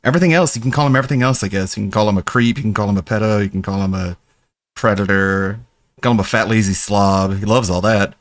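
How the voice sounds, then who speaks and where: A man's voice: on the low side, fast talker, no room sound. A man casually mocking another streamer while commenting.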